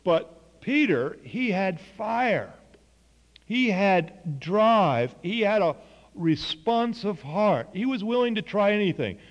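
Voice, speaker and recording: A man's voice: high voice, big pitch swings, takes it slowly, in a large hall, lo-fi sound. A man preaching a sermon, telling a story earnestly and voicing the people in it. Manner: earnest storytelling with quoted dialogue.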